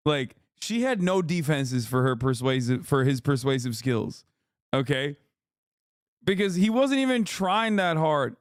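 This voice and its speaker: A man's voice: on the high side, big pitch swings, unhurried, clear, resonant tone, no room sound, studio quality. A man streaming live reaction commentary, crude and mocking, swearing freely.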